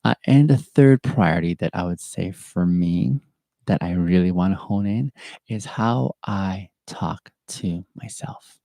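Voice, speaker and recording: A man's voice: deep voice, measured pace, gravelly, mellow, dry recording. A middle-aged man hosting a reflective solo podcast, speaking earnestly and thoughtfully, often repeating his phrases. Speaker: podcast host. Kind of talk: reflective solo podcast talk with live chat.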